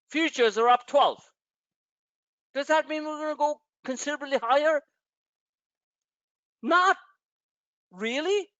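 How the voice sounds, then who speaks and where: A man with a high, slightly bright voice hosts a live stock-trading webinar. His talk is a blunt, emotional, impassioned motivational rant that includes some swearing, and it's captured in dull, dry, lo-fi webinar audio.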